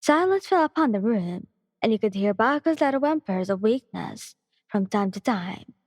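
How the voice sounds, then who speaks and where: Woman, ASMR story narration, breathy, slightly high, soft and steady, long reverb. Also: moderate pace, clean studio sound. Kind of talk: ASMR fan-fiction reading.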